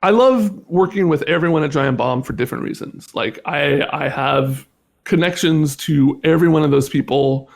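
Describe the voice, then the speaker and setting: Gravelly-voiced man, halting guest talk. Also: a little high, a little mellow. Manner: halting, full of restarts and fillers. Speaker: interview guest. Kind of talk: casual conversation.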